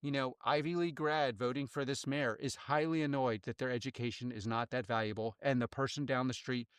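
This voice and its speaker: A man speaking in an interview clip, measured and pointed. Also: mid-range voice, steady tone, clear, resonant tone, no room sound, studio quality.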